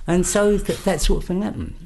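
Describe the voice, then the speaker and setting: A man's voice: sits high, brisk, gravelly, slight background noise. An older man with a London accent, a podcast guest telling stories in casual chat and acting out the voices of the people he quotes. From England. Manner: animated, acts out quoted voices.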